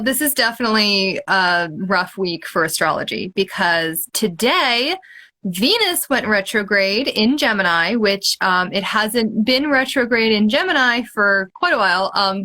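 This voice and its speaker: A woman astrologer as a guest, explaining in a relaxed way with some hesitant ums. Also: on the high side. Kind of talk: casual explanatory chat.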